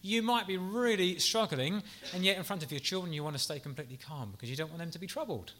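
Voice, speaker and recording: A man preaching a sermon in an earnest, gentle, pastoral way, with soft asides and the odd restart. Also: on the high side, fast talker, a little hiss or hum.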